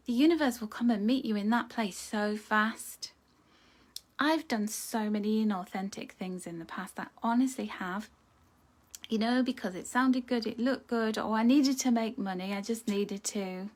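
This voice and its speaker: A woman with a mid-range voice leads a live card reading from a darkened room. Her delivery is earnest and intimate, and she keeps slipping down into soft, hushed, almost whispered phrases. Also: medium pitch, a little slow. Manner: soft, intimate, often dropping to a near whisper; earnest and emotional. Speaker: oracle card reader. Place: dim room lit by a starlight projector.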